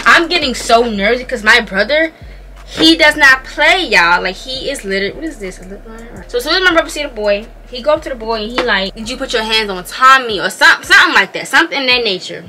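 A young woman telling a story to her viewers while doing her makeup, animated and slangy, often calling out to them as y'all. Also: a little high, fast talker, a little hiss or hum. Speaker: vlogger.

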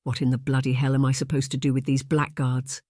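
A man's voice: mid-range voice, monotone, brisk, darkish tone, dry recording, close to an everyday voice. A bad-tempered laird barks and rages in a harsh voice, as a male audiobook narrator puts him on. The read is close and dry, with no room around it. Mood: angry. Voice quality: harsh, raging. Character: blustering Scottish laird, middle-aged man, bad-tempered.

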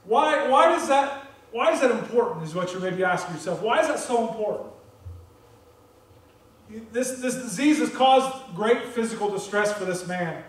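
High-voiced American preacher in an echoey church. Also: male voice, normal speed. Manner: animated, repeats words when stressing a point. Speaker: pastor. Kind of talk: sermon. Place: church sanctuary. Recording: very echoey church, voice distant from the mic.

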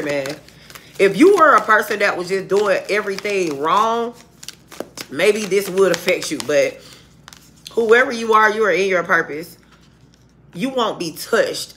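A woman's voice: medium pitch, fairly bright tone, slight background noise. A woman giving a casual, heated tarot reading to viewers, speaking bluntly with lots of cursing. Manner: blunt, profane, heated street talk. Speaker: tarot reader.

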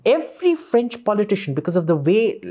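A man's voice: high voice, sing-song, fairly quick, warm tone. A man, a podcast guest talking in a blunt, scornful and profane way. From India. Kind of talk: opinionated conversation.

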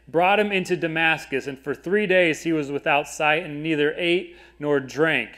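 A young man preaches in a casual, conversational style. He reads verses aloud and then retells them in everyday words. His voice sits on the higher side. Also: fairly bright tone. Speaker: pastor. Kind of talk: sermon, Bible teaching.

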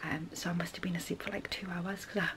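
Geordie mum, whispered late-night vlog in a bedroom, hushed and low, faint hiss. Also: female voice, fairly even intonation, quick pace. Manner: hushed whisper so as not to wake child.

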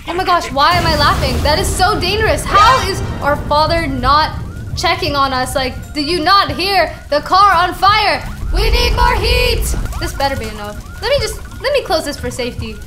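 A young woman hosting a gaming channel, giving excitable, exclamatory commentary and often giggling. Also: very high-pitched, moderate pace, over music.

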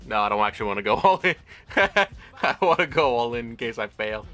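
A man's voice: mid-range voice, very animated, brisk, pushed and bright, faint music behind. A man casually commenting on a game, laughing and joking as he plays. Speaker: gaming streamer.

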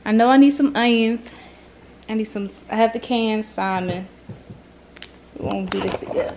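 A woman's voice: mid-range voice, fairly even intonation, normal speed, long pauses, background noise. A young woman vlogging casually from her home kitchen, chatting to herself as she cooks. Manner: chatty, talks to herself while cooking. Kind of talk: casual cooking vlog chat.

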